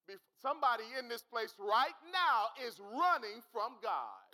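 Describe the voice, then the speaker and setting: A male pastor preaching in a church with a very high, bright, piercing voice. He speaks fervently and repeats phrases for emphasis. He calls out directly to his congregation. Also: lively intonation, a little slow, rough recording. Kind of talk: sermon.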